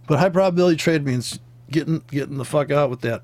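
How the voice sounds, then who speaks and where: A fast-talking man with a slightly high voice rambles through casual, joking commentary on forex trading. He swears freely, drifts into tangents, laughs, and imitates sounds.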